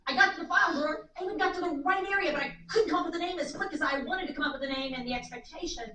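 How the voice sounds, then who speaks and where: A woman lecturing a live audience on aging in an animated way, acting out little voices, in a seminar room. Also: extremely high pitch, very fast. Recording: echoey room, distant mic, faint noise.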